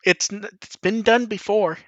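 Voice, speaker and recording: A man's voice: high voice, fairly even intonation, moderate pace, a bit bright, no room sound, lo-fi sound. A man co-hosting a casual podcast, reading out listener questions and answering them in a rambling, self-correcting way.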